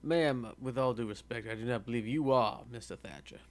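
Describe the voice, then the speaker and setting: A man playing a dry-witted male doctor in a tabletop game, speaking in a formal, deadpan way. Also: medium pitch, a little fast, natural voice. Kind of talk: tabletop role-play in character.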